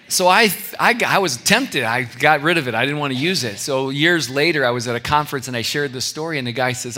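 Male pastor, middle-aged, from California; bright tone, casual storytelling sermon. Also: on the high side, expressive, quick pace, few pauses, slight background noise. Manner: conversational storytelling with anecdotes and asides.

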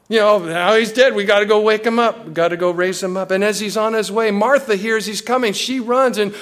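A man preaching a sermon as a pastor, animated and acting out the voices of people he quotes. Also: high voice.

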